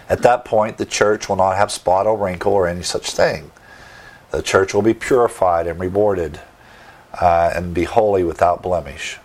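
A man preaching a sermon, teaching verse by verse with emphatic asides and rhetorical questions. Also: low voice. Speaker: pastor.

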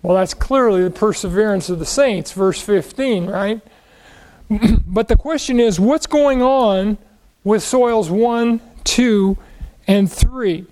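A man's voice: high voice, slow, darkish tone, poor audio. A man teaching the Bible verse by verse, asking questions and answering them, leaning on key words.

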